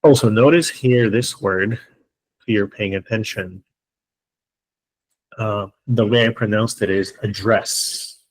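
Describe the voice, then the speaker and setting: This online English teacher speaks slowly in a low-leaning voice, leaving long pauses as he patiently breaks things down step by step. He often checks in with his students. The audio, from a computer mic on a video call, is poor.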